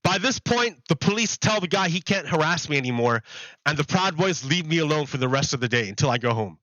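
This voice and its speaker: A man's voice: fairly high pitch, expressive, brisk, sharp tone, no echo, dull audio. A man livestreaming, telling a story in a rambling way, repeating himself and laughing at how absurd it was. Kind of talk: casual storytelling to stream viewers.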